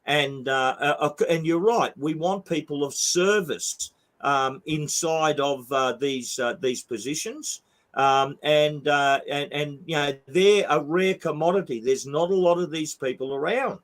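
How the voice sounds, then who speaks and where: An older man with a broad Australian accent, speaking as an outspoken interview guest. His voice sits a little high for a man, and he talks bluntly and emphatically, swearing often. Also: measured pace. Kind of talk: heated interview talk.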